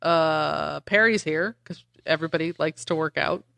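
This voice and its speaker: A woman's voice: sits low, normal speed, gravelly, fairly bright tone. A woman co-hosting a podcast, animatedly retelling a comic book plot with lots of "like" and casual swearing. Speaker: podcast co-host. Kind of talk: casual chat recapping a comic.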